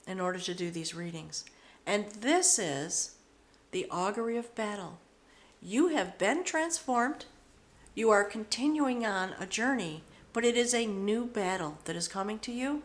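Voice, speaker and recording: A woman giving a spiritual tarot reading, speaking slowly and reverently, often overcome with emotion. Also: a little high. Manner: slow, emotional, reverent, with pauses. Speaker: tarot reader. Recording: roomy echo.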